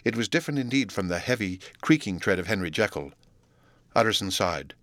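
A man with a low voice narrates a classic novel as an audiobook. His reading is measured and steady. The recording is dry and close, with no room sound. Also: no echo. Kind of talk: scripted narration.

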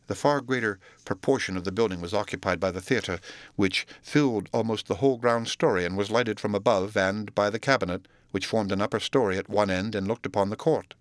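A man with a low voice narrates a classic novel as an audiobook. His reading is measured and steady. The recording is dry and close, with no room sound. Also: no echo. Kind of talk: scripted narration.

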